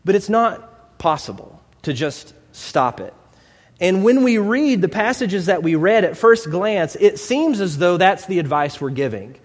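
Lively conversational preacher man. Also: high voice, measured pace. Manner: conversational, storytelling, rhetorical questions. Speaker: pastor. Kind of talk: sermon. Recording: long hall reverb.

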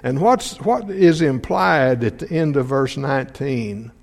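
A man's voice: mid-range voice, expressive, a little slow, gravelly. A man preaching a sermon, reading scripture and putting questions to the congregation, often repeating words as he restarts. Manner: asks the congregation many questions. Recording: long hall reverb.

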